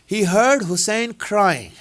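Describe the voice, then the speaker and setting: A man's voice: high-pitched, animated, slow pace, a bit bright. A man giving a sermon, telling a story in a conversational way. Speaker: religious speaker.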